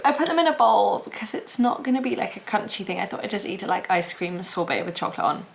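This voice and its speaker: A young woman around twenty chats to her viewers in a casual vlog, her voice sitting at an ordinary middle pitch. She talks in an excitable, rambling way, full of fillers and quick exclamations. A faint hiss of noise sits behind her. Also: vocal fry. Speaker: vlogger. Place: outdoors on a walk and indoors at home.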